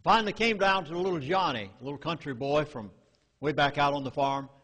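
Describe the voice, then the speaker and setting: A man with a Southern US drawl speaks to a meeting crowd, with emphatic and urgent warnings. His voice sits a bit high, and a long hall reverb trails each phrase. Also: fairly quick, fairly bright tone. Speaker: public speaker. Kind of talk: public lecture to a live audience.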